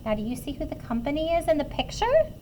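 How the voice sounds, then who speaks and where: A woman reads a picture book aloud to children in a high-pitched, fast, animated voice, with slight background noise. As she goes, she asks the kids questions about the pictures.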